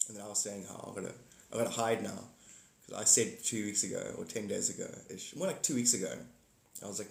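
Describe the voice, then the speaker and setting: A man's voice: fairly low pitch, fast, gravelly, echoey room. A man in his forties, hosting a casual livestream chat, rambling and repeating himself while greeting viewers by name. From South Africa. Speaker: livestream host.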